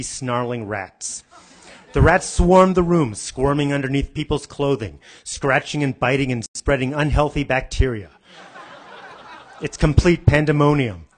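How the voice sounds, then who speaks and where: A man emceeing an awards ceremony, reading a comic screenplay-style scene in a deadpan way to a banquet crowd. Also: medium pitch. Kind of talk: comic scripted reading to a live audience. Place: banquet hall stage.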